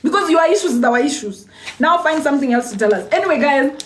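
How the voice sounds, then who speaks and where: Woman speaker, high-pitched, fervent, laughs through her points, echoey room. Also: animated, fast, slight background noise. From East Africa. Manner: emphatic, repeats lines, laughs often. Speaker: spiritual speaker. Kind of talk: impassioned spoken address. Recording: roomy echo.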